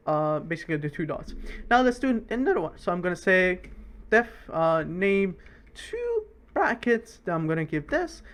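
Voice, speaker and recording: Fast, rambling young man teaching code. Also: high voice, a bit bright, clean tone. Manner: fast, rambling, with many fillers and self-corrections. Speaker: coding teacher. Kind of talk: screen-recorded coding tutorial.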